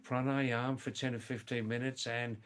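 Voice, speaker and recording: With flat delivery at normal speed, this medium-pitched, slightly bright voice belongs to an older livestream host from England and Australia, heard over slight background noise. He reads viewer messages casually, names viewers, teases them and repeats words for emphasis.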